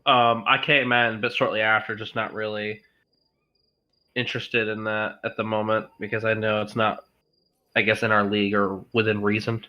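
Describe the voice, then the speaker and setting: A man playing a tabletop game with friends, speaking in character in a steady, fatherly way. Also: on the low side, moderate pace, highs cut off. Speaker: tabletop player. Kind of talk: casual in-character play.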